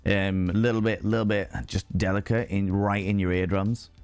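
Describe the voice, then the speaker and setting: A man hosting a livestream and chatting casually with viewers, slightly hoarse and husky from drinking, theatrical and flamboyant, often leaping into high mock voices. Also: little pitch movement, normal speed, darkish tone, no echo, soft background music. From Ireland. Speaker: livestream host. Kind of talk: casual chat reading viewer messages.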